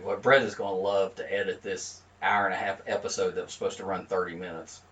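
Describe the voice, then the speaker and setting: A man's voice: sits low, flat delivery, fast, a bit bright, recorded from a distance. A man hosting a podcast in casual banter, playful and joking, laughing through flubbed takes. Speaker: podcast host.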